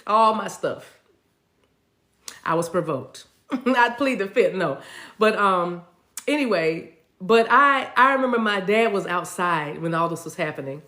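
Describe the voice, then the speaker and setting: A woman who is a spiritual teacher and coach, speaking in a casual, animated, conversational way and laughing often. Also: mid-range voice, unhurried, echoey room.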